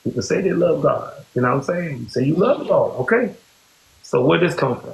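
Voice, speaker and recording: Man, podcast host, quick gravelly voice, casual rambling storytelling, echoey room with faint hiss. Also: on the high side, expressive. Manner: rambling, repeats "you know what I'm saying".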